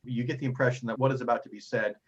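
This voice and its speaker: A man's voice: medium pitch, fairly even intonation, very fast, slightly rough. A man narrating a tabletop game as game master, describing scenes at length with frequent fillers, in a slightly muffled recording.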